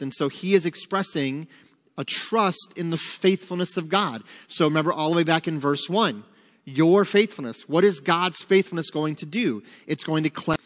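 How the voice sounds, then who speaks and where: A man's voice: on the high side, moderate pace, a bit bright, long reverb tail. A man leading a Bible study, asking his listeners questions and then answering them himself. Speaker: Bible teacher. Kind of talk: interactive Bible study teaching.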